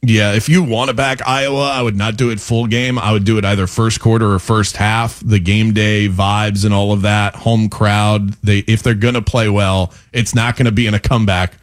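Man, betting show co-host, casual chat, confident, quick delivery. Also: fairly low pitch, little pitch movement.

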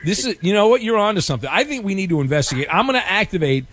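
A man with a high voice hosts a call-in radio show. He banters with callers in a wry, rambling way and keeps cracking jokes. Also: lively intonation, very fast, fairly bright tone.

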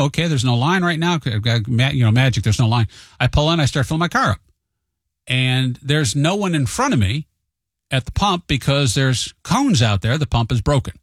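A man riffs through a casual monologue, spinning everyday stories and jumping into higher, animated voices whenever he quotes someone. His voice sits at an ordinary middle pitch. The recording is dry and close, with no room sound. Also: no room sound. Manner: chatty storyteller, acts out quotes with a raised voice; admits he tends to be hot-headed.

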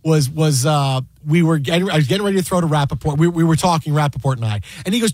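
A man hosting a casual on-air chat, telling a lively anecdote. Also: on the high side, racing, few pauses, no echo. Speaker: host.

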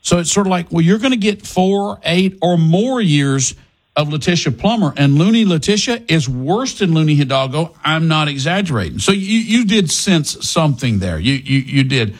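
Lively, husky-voiced male radio host. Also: fairly high pitch, normal speed. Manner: lively, chatty, self-correcting with frequent restarts. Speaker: radio talk show host. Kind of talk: casual talk radio chat.

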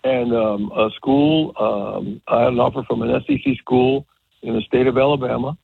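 Gravelly older man on a phone line. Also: medium pitch, normal speed, dry recording. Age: 70s. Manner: rambling, animated storyteller with many restarts. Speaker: retired college baseball coach, guest. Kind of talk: casual radio interview.

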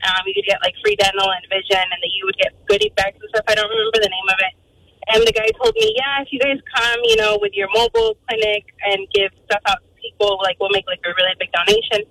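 A woman calling in to a radio show, telling her story in an animated, chatty way and quoting the people involved. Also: mid-range voice, fast, dry recording. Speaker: radio caller. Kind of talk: phone-in storytelling. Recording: distant phone-line caller with faint noise.

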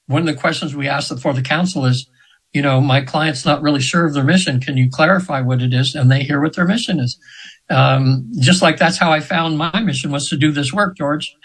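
A man's voice: on the high side, fairly quick, fairly bright tone, breathy edge, rough recording. A man in his seventies, a guest on a radio show, earnestly telling a spiritual story in a rambling way with many restarts. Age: 70s.

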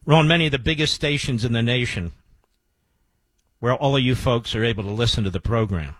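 A man's voice: medium pitch, brisk, a bit bright, no echo. A man hosting talk radio, speaking emphatically and boastfully and repeating key phrases for effect. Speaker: radio talk show host.

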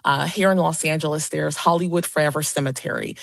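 A woman's voice: deep voice, steady tone, fast talker, creaky, dry recording. A woman who is a paranormal investigator, a talk show guest who speaks eagerly and often restarts her sentences.

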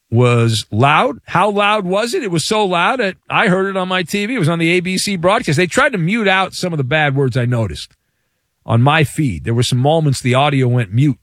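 A man hosting a sports talk radio show, delivering a playful, hyperbolic monologue with dramatic pauses. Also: mid-range voice, fairly bright tone, no echo, clean studio sound.

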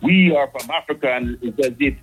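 A man's voice: mid-range voice, brisk, soft background music. A man with a Jamaican accent calls in to a radio show and passionately argues his point. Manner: patois-tinged, passionate, preachy. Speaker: caller. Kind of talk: heated call-in opinion.

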